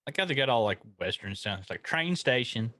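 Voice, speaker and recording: A man's voice: fairly low pitch, animated, quick pace, fairly bright tone, no echo, clean studio sound. A man co-hosting a podcast, chiming in with short replies and jokes in casual chat. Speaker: podcast co-host.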